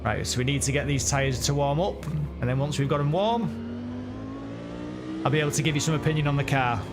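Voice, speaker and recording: A man's voice: on the high side, brisk, music in the background. A man chatting casually and correcting himself while commenting on a racing game live. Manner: chatty, rambling, self-correcting. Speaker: sim racing streamer.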